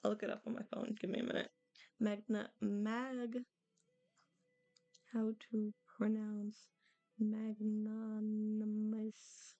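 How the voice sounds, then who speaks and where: A woman's voice: medium pitch, flat delivery, unhurried, gravelly, pauses often, dark tone, dry recording, highs cut off, soft background music. A woman streamer chatting casually while she plays a game, talking in a self-deprecating way and stumbling over words.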